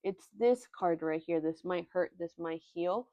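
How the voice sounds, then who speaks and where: A young woman giving a tarot reading in an earnest, halting way, often moved by what she says. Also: lowish voice, dark tone, no room sound, highs cut off. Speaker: tarot reader. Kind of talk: pick-a-card tarot reading.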